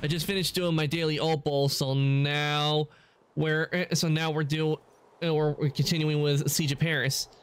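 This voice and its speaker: A man's voice: on the high side, little pitch movement, moderate pace, slight background noise. Rambling male game streamer. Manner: rambling, with frequent self-corrections. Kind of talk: casual gameplay commentary.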